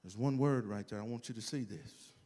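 Mężczyzna, gościnny kaznodzieja w kościele, wygłasza kazanie, raz wykrzykując, raz przechodząc w cichy szept, i zwraca się do zgromadzenia. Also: male voice, lowish voice, fairly quick. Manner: shouts then drops to a soft hush; calls to the congregation. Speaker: guest preacher. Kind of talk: sermon. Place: church sanctuary. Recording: long hall reverb.

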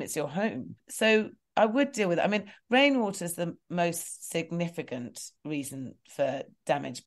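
A woman guest giving practical home advice in a chatty, rambling way, often correcting herself mid-sentence. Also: fairly low pitch. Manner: chatty, rambling, explains with self-corrections and laughs. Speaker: guest property expert. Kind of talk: casual interview advice.

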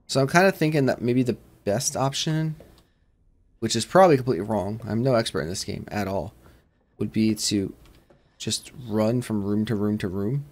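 A man hosting a let's-play of a horror game, rambling along and shouting whenever he is startled. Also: lowish voice, moderate pace. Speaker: gaming channel host.

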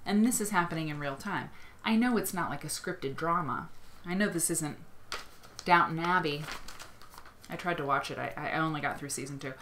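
Woman livestream host from Iowa, lowish voice, gushing and rambling, faint room hum. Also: moderate pace, fairly bright tone. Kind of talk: casual livestream chat.

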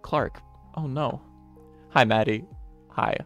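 A man hosting a casual live stream. He greets viewers one by one in an upbeat, friendly way, with playful, softly self-mocking asides. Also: medium pitch, takes it slowly. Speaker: streamer and game developer. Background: faint lo-fi music.

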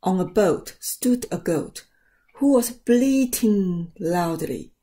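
A woman reading a picture book aloud as story time reader, soft, slow and expressive. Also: mid-range voice, slightly rough.

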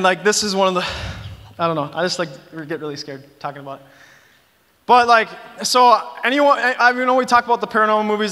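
A young man preaching to a youth group, telling stories in an animated way, full of "like" and "you guys". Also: sits high. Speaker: youth pastor. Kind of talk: youth sermon. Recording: long reverb of a big hall.

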